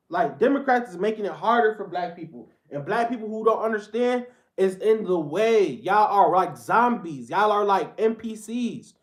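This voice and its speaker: Blunt, slangy, heated reaction commentator. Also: medium pitch. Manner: blunt, repetitive, slangy, addresses viewers as bro. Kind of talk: heated casual rant.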